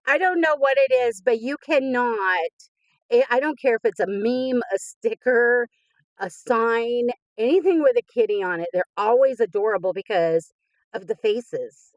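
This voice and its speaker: A woman's voice: a little high, measured pace, no echo. A woman in her fifties hosting a crafting channel, gushing with enthusiasm as she opens happy mail in casual chat. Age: 50s. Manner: gushing and enthusiastic, frequent laughs.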